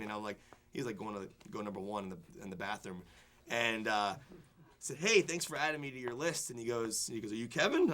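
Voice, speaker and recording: A young man, a film critic, telling an animated story in a studio interview, full of fillers and restarts. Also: medium pitch. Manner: excited, rambling anecdotes full of fillers and restarts. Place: television studio before a student audience.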